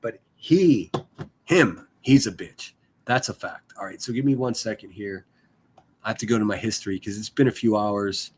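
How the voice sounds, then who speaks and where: A man's voice: lowish voice, normal speed, slight background noise. A man chatting casually on a live stream, rambling and swearing, full of fillers and restarts. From Pittsburgh area.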